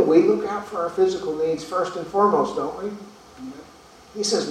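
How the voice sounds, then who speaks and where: A man's voice: sits high, normal speed. A man preaching a sermon in earnest tones, asking rhetorical questions and repeating words as he goes. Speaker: pastor. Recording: echoey room from far off.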